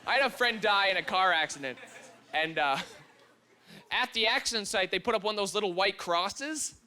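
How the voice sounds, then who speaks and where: A young man performing a stand-up comedy set on a club stage, telling dark jokes in a wry, punchy way. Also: sits high, lively intonation, moderate pace. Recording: audience ambience with noise.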